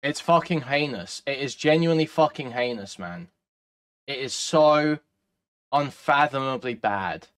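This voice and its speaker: A man's voice: medium pitch, expressive, a little slow, a bit bright. A man doing live-stream reaction commentary, ranting and profane with a sardonic edge.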